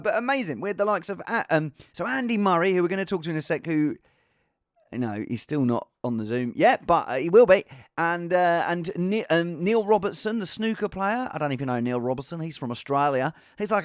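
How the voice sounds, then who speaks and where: A comedian hosting his show in a lively, rambling monologue. His pitch leaps all over the place, he jumps from bursts of shouting to low mutters, and the sound is dry and close to the mic. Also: fairly quick, no room sound. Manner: animated, swings from shouting to mumbling. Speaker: podcast host and impressionist.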